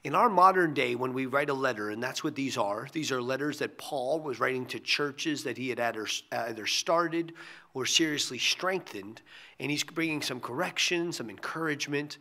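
Earnestly delivering a short devotional sermon, a pastor often sinks to a hushed near-whisper on key phrases. His voice is fairly high-pitched and creaky.

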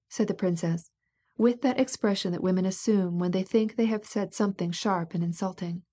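A woman with a mid-range, slightly rough voice narrates an audiobook, telling the story in a measured, even way.

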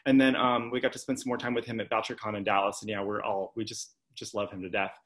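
A man's voice: fairly low pitch, little pitch movement, quick pace, fairly bright tone. A man hosting a bookstore live chat, talking eagerly with some restarts as he praises and asks questions. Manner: enthusiastic, with restarts. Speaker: bookstore host. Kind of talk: casual interview chat.

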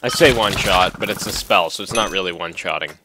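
A young man giving relaxed, muttered commentary while playing a video game, with game music playing behind him. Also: sits low, fast, noisy background. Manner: relaxed, muttering asides to himself. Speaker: gaming video host. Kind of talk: casual gameplay commentary.

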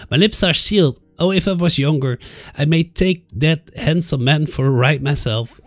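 A man's voice: a little slow, no echo, soft background music, close to an everyday voice. A man doing Ruth, a tittering gossipy old woman. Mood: coy. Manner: high, tittering falsetto old-lady voice.

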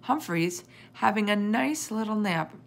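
A woman voicing a gentle, soothing mother in a storybook reading. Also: mid-range voice, animated, a little slow, vocal fry, a little hiss or hum, voice pushed up. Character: gentle, busy mother of two.

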